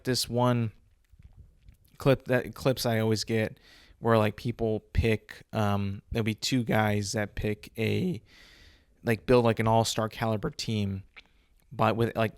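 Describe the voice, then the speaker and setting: A man's voice: lowish voice, smooth, no room sound, studio quality. A young man hosting a solo podcast, telling stories in a rambling, casual way with many fillers. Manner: rambling, filler-heavy storytelling. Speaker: podcast host.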